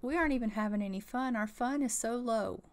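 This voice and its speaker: A woman's voice: a little high, brisk, a little mellow. A woman hosting a gaming channel, giving casual gameplay commentary with sassy, exasperated banter and swearing.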